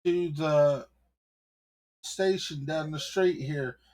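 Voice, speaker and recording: A man voicing a nervous, officious young male cop in an improvised story, pushing his voice up high and eager. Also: takes it slowly.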